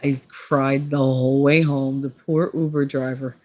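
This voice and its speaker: A woman's voice: a bass voice, little pitch movement, measured pace, darkish tone. A middle-aged woman talking candidly in a casual, rambling monologue, laughing often and swearing freely. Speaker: vlogger.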